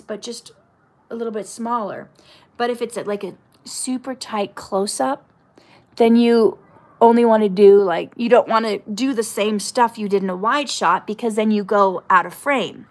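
A woman's voice: on the high side, moderate pace. A middle-aged woman, an actress, chatting casually as she reads out viewer questions and answers them. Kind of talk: casual live Q&A chat.

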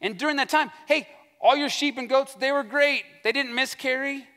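Whiny, aggrieved grown man, put on by a male preacher, voice pushed high, echoing through a big hall. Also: normal speed, pushed and bright. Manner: whiny, complaining. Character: whining aggrieved grown man complaining about unfairness. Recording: long church hall reverb.

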